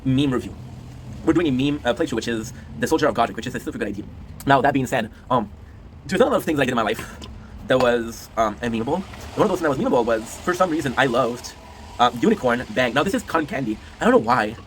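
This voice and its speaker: A man's voice: medium pitch, expressive, fast talker, slight background noise. A young man hosting his gaming channel, talking casually to camera in a rambling way, repeating phrases and swearing now and then. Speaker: gaming YouTuber host.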